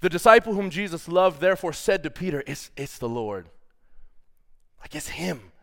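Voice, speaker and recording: A man's voice: a little high, expressive, normal speed, vocal fry. A man preaching a sermon, casual and playful, calling the congregation y'all and reading scripture aloud. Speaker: pastor.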